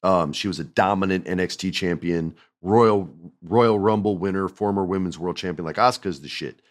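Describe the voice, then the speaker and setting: A very low-voiced man hosting a loose, joking podcast chat. He tells stories with lots of energy and keeps things playful. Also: moderate pace. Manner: animated, joking storyteller. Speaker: podcast host.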